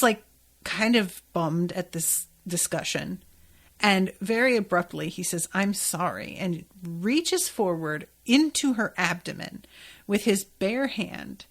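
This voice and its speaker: A woman talks through an episode in a loose, conversational recap. Her delivery wanders, full of filler words and quick asides, like a friend thinking out loud. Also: mid-range voice, creaky. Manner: chatty, rambling, many filler likes. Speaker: podcast host.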